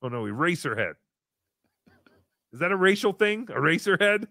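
A man hosting a casual livestream, reading paid chat messages with sarcastic jokes. He swings from loud bursts to mumbled asides. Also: sits high, big pitch swings, moderate pace, creaky, no echo, studio quality.

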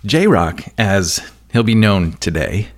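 Low-voiced guy hosting a podcast, bouncy intonation, chatty and laughing a lot. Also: sing-song, takes it slowly. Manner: chatty, laughs easily, loose rambling phrasing. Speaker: podcast host. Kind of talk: casual interview chat.

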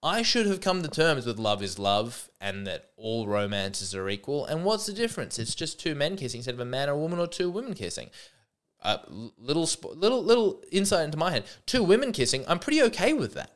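Man, podcast host, mock-sincere rambling, animated pitch, smooth clear voice. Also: a little fast. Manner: mock-earnest and rambling, with frequent restarts. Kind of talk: comedic podcast monologue.

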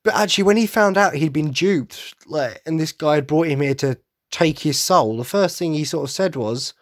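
A man's voice: a little high, dry recording, clean studio sound. A young man, gushing enthusiastically in a casual solo podcast monologue. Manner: enthusiastic fan gushing, quick asides. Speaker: podcast host.

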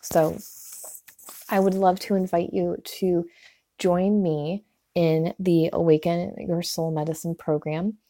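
A woman's voice: fairly low pitch, fairly even intonation, takes it slowly, mellow, no echo. A woman coaching listeners in a motivational talk, earnest and encouraging, often acting out quoted inner voices. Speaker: wellness coach.

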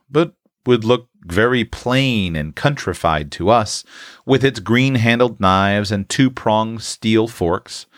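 A man reading a classic short story aloud, giving the characters' excited lines a raised, animated voice. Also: fairly low pitch, no room sound, studio quality. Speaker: audiobook narrator.

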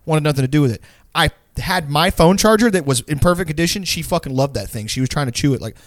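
A man's voice: a little high, dry recording, studio quality. A young man telling a long, profane, rambling story in casual chat.

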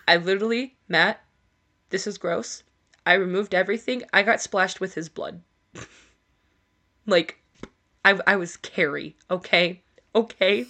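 A woman's voice: on the low side, moderate pace, pauses often, pushed and bright. Podcast co-host, woman, candid and foul-mouthed storyteller, casual delivery. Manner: candid, swears freely, laughs through her story.

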